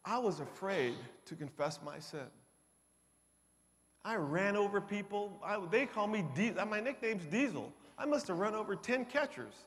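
A middle-aged man speaking at a conference, giving an emotional testimony that swings from hushed to loud. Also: high-pitched, animated, moderate pace. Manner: emotional, builds from quiet to loud. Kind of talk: testimony talk. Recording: long hall reverb.

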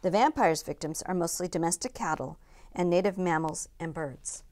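A woman in her sixties, a teacher reading aloud slowly and carefully from a book's factual afterword. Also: fairly low pitch, darkish tone. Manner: slow, careful expository reading.

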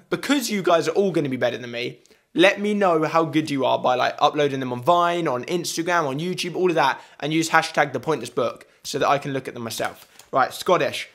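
A man's voice: on the high side, brisk, fairly bright tone. Giggly self-deprecating young English man. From England. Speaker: vlogger. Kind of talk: casual accent challenge video.

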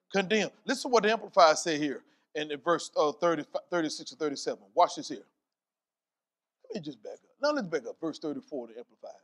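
A high-voiced male pastor preaches in church, his delivery swelling as he stacks up repeated phrases. He moves between quiet, low asides and loud, emphatic bursts while reading and explaining scripture. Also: animated, a little fast. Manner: preaching with rising, emphatic repetition and scripture quotes. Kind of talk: sermon.

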